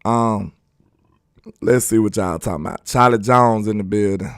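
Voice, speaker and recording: A man's voice: lowish voice, moderate pace, no echo, studio quality. A man hosting a sports live stream, chatting casually and reading viewer comments aloud in a laid-back, slangy, joking way.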